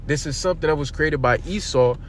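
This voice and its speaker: A man's voice: a little high, fast, a little hiss or hum. A man preaching on a livestream, reading verses aloud and then explaining them bluntly with rhetorical questions and swearing. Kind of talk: streamed scripture lesson.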